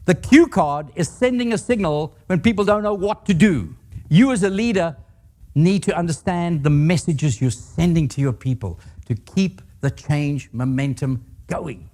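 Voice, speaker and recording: A man's voice: fairly high pitch, expressive, moderate pace, darkish tone. An older man giving a leadership talk to a live audience, telling stories with humor and asking the audience questions. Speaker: guest speaker.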